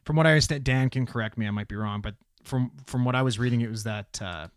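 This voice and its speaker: A man talking in a casual podcast chat, blunt and emphatic, swearing often. His voice sits at an ordinary middle pitch. The sound is close and dry, with no room echo. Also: fast talker, clean tone. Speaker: podcast co-host.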